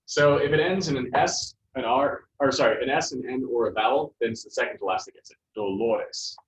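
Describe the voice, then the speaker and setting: A man's voice: mid-range voice, fast. A man teaching a Spanish class, explaining patiently with many fillers and restarts. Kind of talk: classroom lesson. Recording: dull lo-fi classroom recording with faint noise.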